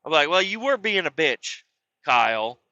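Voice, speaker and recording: A man's voice: a little high, big pitch swings, moderate pace, sharp tone, dry recording, highs cut off. A man hosting a podcast, telling a rambling, profane story in a casual monologue and jumping into quoted voices of the people in it. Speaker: podcast host.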